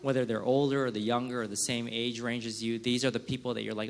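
A male pastor preaching a sermon in a church, acting out quick mock prayers and complaints. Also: medium pitch, little pitch movement. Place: church sanctuary.

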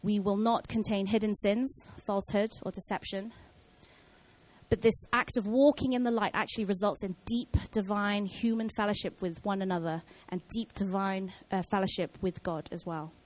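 A woman's voice: mid-range voice, fairly even intonation, normal speed, a little mellow, rough recording. A woman giving an informal Bible teaching in a casual way, with many fillers and restarts.

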